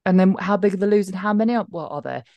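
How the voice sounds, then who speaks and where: A woman's voice: medium pitch, very fast, mellow, no echo, muffled recording. A middle-aged woman co-hosting a podcast, chatting emphatically with lots of asides. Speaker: podcast co-host. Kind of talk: casual chat.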